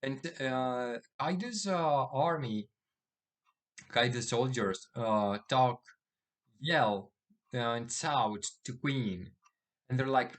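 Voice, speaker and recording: A man's voice: mid-range voice, lively intonation, a little slow. A man recapping a comic chapter in casual chat, with many fillers and restarts as he reads the dialogue aloud in a plain voice. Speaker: manga chapter reviewer.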